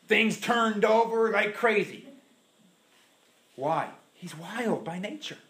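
A man preaching a sermon in a church, animated and dramatic, acting out the voices he quotes. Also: high-pitched, slow.

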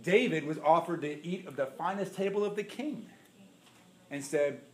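A middle-aged man preaching a sermon as pastor, telling stories with big swings between loud and hushed. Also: on the high side, moderate pace, slight background noise. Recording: echoey room.

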